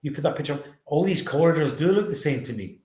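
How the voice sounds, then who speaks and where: A man's voice: fairly high pitch, animated, fast talker, a little mellow. A man co-hosting a podcast in casual chat, making wry, teasing remarks. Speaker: podcast co-host. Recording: roomy echo.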